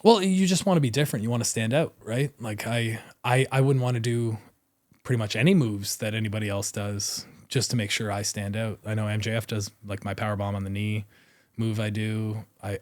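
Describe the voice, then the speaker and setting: A man in his thirties talks as a guest in a studio interview. He tells his stories in a lively, animated way and often laughs mid-sentence. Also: fairly low pitch, fast talker, no room sound. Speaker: guest wrestler. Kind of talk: casual interview storytelling. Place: podcast studio.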